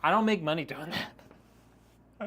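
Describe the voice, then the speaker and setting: A man's voice: a little high, lively intonation, moderate pace, sharp tone, a little hiss or hum. A man streaming a PC build, chatting casually and reading viewer comments aloud with a joking, teasing manner and frequent laughs.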